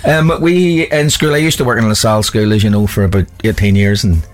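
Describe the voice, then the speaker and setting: A man's voice: fairly low pitch, a little fast. A middle-aged man, a guest on a radio show, telling a funny story and chuckling as he goes. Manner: chuckling raconteur. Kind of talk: casual anecdote.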